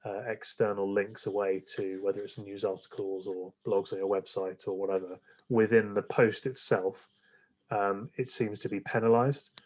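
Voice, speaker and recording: A man's voice: lowish voice, steady tone, moderate pace, a little mellow, highs cut off. A man, a guest on a podcast, chatting casually and rambling with many fillers and restarts. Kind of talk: casual interview chat.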